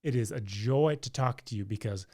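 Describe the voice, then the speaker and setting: A man's voice: medium pitch, normal speed, dark tone, close to an everyday voice. A man on a podcast doing an affectionate put-on Southern accent, drawling and doting as he pays a compliment. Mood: sweet, doting. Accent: put-on American Southern. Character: doting male Southern charmer, sweet-talking and gentle. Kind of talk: podcast banter.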